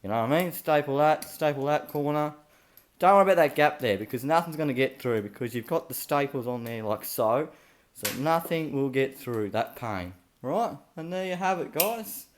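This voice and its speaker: A man's voice: fairly high pitch, expressive, moderate pace. A man with an Australian accent hosting a joke how-to video in a chatty, blokey manner, full of "mate" and "right?". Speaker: comedy channel host. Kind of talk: deadpan mock tutorial.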